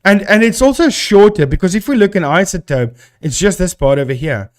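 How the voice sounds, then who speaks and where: Chatty animated man streaming live. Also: high voice, brisk. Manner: chatty, talks to chat and thinks aloud. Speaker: live-stream host debunking ghost videos. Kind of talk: casual live-stream commentary.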